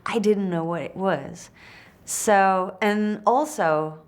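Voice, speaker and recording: A woman's voice: medium pitch, slow. A woman with a French accent, an actress speaking English as a second language in an interview, hesitant and searching for words. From France. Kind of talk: interview answers.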